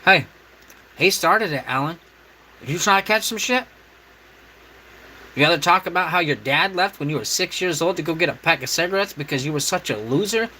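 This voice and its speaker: A brash man hosts a cooking livestream and roasts his viewers with crude, profane insults. His voice is fairly high and sharply bright. A faint background noise runs under him. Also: brisk, low-quality recording. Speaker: livestream host.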